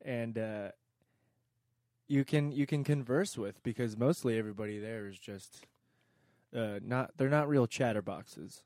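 A man's voice: mid-range voice, unhurried, darkish tone, no room sound, studio quality. A man chatting casually and teasingly, prompting an older relative with questions. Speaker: interviewer. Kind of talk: casual chat.

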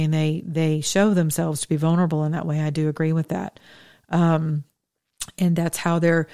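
Woman host, lowish voice, dry close sound; exhorting faith-talk monologue, candid and chatty. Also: darkish tone, clear, resonant tone, no echo. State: widowed, speaking as a single woman. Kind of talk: preachy monologue to women listeners.

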